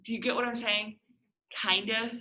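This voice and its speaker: Woman teacher, bright tone, reads passages slowly, asks questions, class discussion. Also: fairly high pitch, fairly even intonation, poor audio. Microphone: classroom recording.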